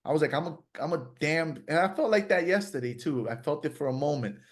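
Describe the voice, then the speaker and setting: A man's voice: a little high, expressive, a little fast. Candid man hosting a podcast. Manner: candid, self-reflective, acts out his inner voice. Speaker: podcast host. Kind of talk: casual conversation.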